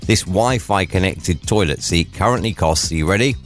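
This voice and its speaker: A man's voice: sits low, moderate pace. A man hosting a drivetime radio show, chatting casually and cracking jokey asides.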